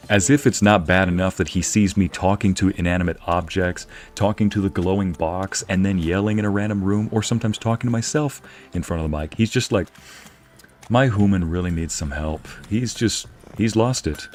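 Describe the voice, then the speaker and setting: A man's voice: low-pitched, fairly quick, faint music behind. A young man casually commenting on a game he is playing, joking and laughing often. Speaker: streamer narrating a game playthrough.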